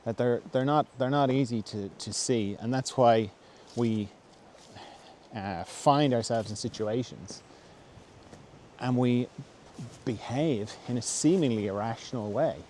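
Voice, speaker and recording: A man answering a viewer's question in a gentle, reflective talk. He thinks aloud with pauses and restarts. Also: mid-range voice, slight background noise. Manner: softly acts out quoted voices, dropping to a whisper. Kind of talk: reflective spoken talk on self-help.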